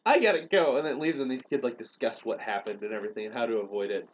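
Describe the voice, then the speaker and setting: A man's voice: lowish voice, very fast, darkish tone. A young man on a podcast, casually retelling a story and acting out the quoted lines. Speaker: podcast host.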